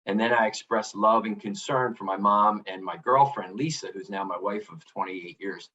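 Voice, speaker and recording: A man's voice: on the low side, normal speed, pushed and bright, recorded from a distance, lo-fi sound. A middle-aged man, a podcast guest, telling a personal story earnestly and reflectively, often restarting with "you know". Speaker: podcast guest, author and coach. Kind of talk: candid storytelling interview.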